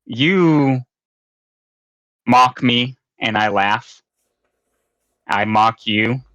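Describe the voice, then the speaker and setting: A man's voice: mid-range voice, pushed and bright, no room sound, lo-fi sound. Man playing a wry, guarded swordsman. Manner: slow, measured delivery.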